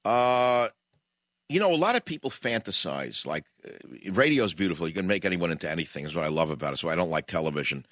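Low-voiced, sardonic male radio host. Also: sing-song, fast, a bit bright, dry recording, muffled recording. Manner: rambling, sardonic, combative. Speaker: radio talk show host. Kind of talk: talk radio monologue.

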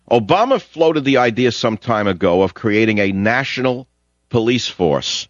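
A deep-voiced man with a New York accent rants through an opinionated talk radio monologue, mocking and sarcastic, his voice leaping upward when he wants to make a point. The sound is dry and close, with a dull, lo-fi broadcast quality. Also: dry recording. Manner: ranting, sarcastic, pitch jumps high for emphasis.

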